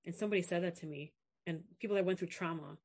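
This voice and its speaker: A young woman talking quickly and candidly in a relaxed interview. Her voice sits a little low, and she slips into little voices when she quotes people. Her delivery is animated and open. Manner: frank, animated storyteller, quotes others in voices. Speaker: app founder and guest. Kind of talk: candid casual interview talk.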